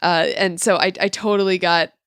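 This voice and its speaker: A woman's voice: fairly low pitch, steady tone, moderate pace, a bit bright, smooth, no echo, clean studio sound. A woman co-hosting a podcast in casual chat, enthusiastic and bubbly, laughing often. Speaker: podcast co-host.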